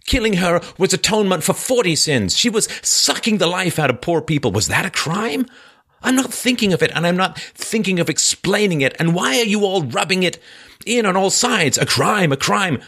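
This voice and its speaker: A man's voice: sits high, sing-song, moderate pace, bright, forceful tone, pitched above the performer's own voice, full character voice. A man voicing an anguished, defiant young male ex-student killer in an impassioned, agitated, self-justifying way.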